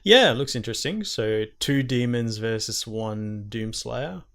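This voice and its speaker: A man at a middle, ordinary pitch, co-hosting a casual gaming podcast. He rambles through his points with plenty of "um" and "like", chatting loosely. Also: animated, measured pace, a bit bright. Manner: rambling, filler-heavy storytelling. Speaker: podcast co-host.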